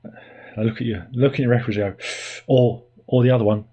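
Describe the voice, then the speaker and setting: A man's voice: mid-range voice, fairly even intonation, brisk, slightly rough, narrow, tinny audio. An English man hosting a casual livestream, rambling and self-mocking as he chats, now and then putting on silly voices. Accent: British (England). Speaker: livestream host. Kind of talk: casual chat.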